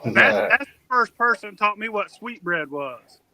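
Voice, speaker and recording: A man's voice: high-pitched, expressive, a little slow, creaky, sharp tone, no room sound, low-quality recording. A man telling a long, rambling, profane story on a casual podcast.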